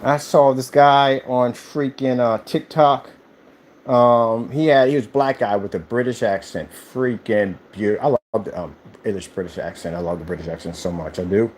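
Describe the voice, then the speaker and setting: A man's voice: medium pitch, moderate pace, a little mellow. A man who owns a screen paint company, ranting casually on a livestream and firing off rhetorical questions.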